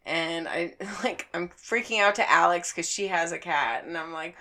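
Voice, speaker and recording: A young woman tells a story in casual podcast chat, swearing freely and acting out her own reactions. Her voice is bright and forceful and sits a little low for a woman. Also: normal speed. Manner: profane, animated storytelling with acted-out quotes.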